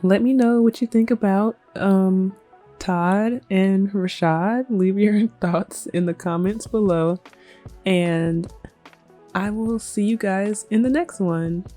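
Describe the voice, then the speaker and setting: A woman's voice: mid-range voice, slow, warm tone. A woman hosting a let's play, casually narrating her game in a chatty, storytelling way. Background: faint music.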